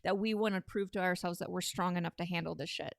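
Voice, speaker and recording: A woman's voice: lowish voice, fairly even intonation, quick pace, vocal fry, no echo. A woman co-hosting a dating advice podcast who talks bluntly and frankly, swearing freely in a casual chat.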